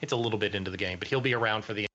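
Bright-toned man explaining things. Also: fairly low pitch, racing, highs cut off, a little hiss or hum. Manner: explains patiently, easygoing. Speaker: podcast co-host. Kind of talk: casual chat.

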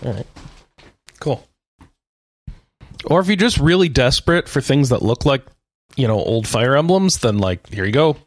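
A man's voice: mid-range voice, expressive, moderate pace, pauses often, dry recording. A man co-hosting a gaming podcast who jokes around and moves the talk through the news list. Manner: joking, leads the topic list. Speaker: podcast co-host. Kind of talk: casual gaming news chat.

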